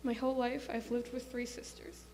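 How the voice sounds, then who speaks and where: A woman's voice: a little high, flat delivery, normal speed, darkish tone. A woman giving an earnest, plainly worded eulogy as a soul sister. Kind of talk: memorial speech. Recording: echoey hall with faint hum.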